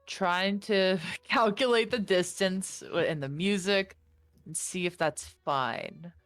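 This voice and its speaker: A woman running a tabletop game as game master, slow and swearing with laughing banter. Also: fairly low pitch, a bit bright, dry recording, faint music behind.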